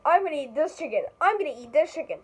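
A woman's voice: high-pitched, expressive, rapid-fire, heavy background noise. A woman playing a boastful robot clown doll, Circus Baby. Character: chicken-loving female robot clown doll.

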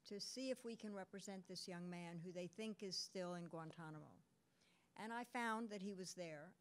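A woman lawyer speaks on a panel in a middle-range voice. She tells her story in a conversational way. Now and then she stops and restarts a phrase. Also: medium pitch.

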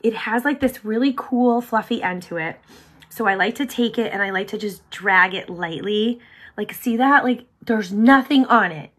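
Woman, makeup tutorial host, bubbly, chatty, filler-heavy, soft whispered asides. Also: medium pitch, moderate pace. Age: adult with sons. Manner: often drops to a soft whisper. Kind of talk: casual makeup tutorial chat.

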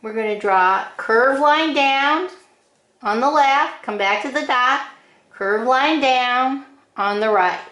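Woman, drawing teacher, fairly high voice, unhurried step-by-step delivery, echoey room. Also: sharp tone. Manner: slow, patient, gives short drawing directions one step at a time.

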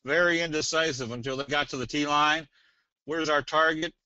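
A man presenting a trading webinar in a casual, folksy way, slipping in jokes and a sales pitch. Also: fairly even intonation, moderate pace, pushed and bright, smooth, no echo. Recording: dull, dry webinar audio.

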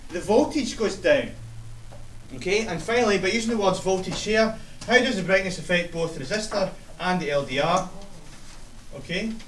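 A male science teacher giving a classroom lesson, explaining step by step and checking in with the class. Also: sits high. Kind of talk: classroom instruction. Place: school classroom. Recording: echoey classroom, mic far off, faint hiss.

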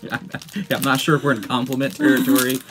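A woman's voice: extremely low pitch, fairly even intonation, fast, background noise. A woman co-hosting a casual chat, teasing wryly and explaining game rules. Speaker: co-host.

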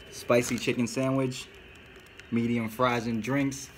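A young man with a South Florida accent, mid-pitched and brash, talking loud, swaggering, profane mukbang banter into a phone camera. Faint room noise and food wrappers crinkle behind him. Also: measured pace. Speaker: vlogger. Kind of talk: casual mukbang vlog.

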